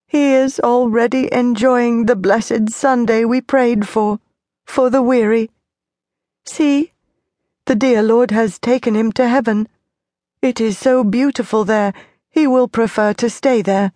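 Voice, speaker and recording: A woman's voice: fairly high pitch, steady tone, a little slow, dark tone, no echo, clean studio sound, voice pushed up, natural voice. A woman voicing a young village mother in a storybook, tender and anguished. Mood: tearful, tender.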